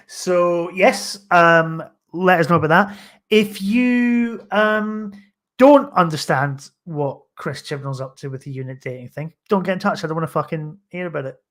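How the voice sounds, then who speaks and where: A man's voice: high voice, steady tone, slow, fairly bright tone. Jokey rambling man. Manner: jokey, rambling, with mild swearing. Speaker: podcast host. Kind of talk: casual chat.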